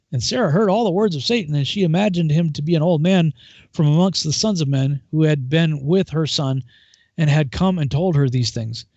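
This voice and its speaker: A man hosting a Bible study, reading scripture aloud in a steady, measured way with small restarts. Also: fairly high pitch, no room sound. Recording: dull lo-fi dry sound.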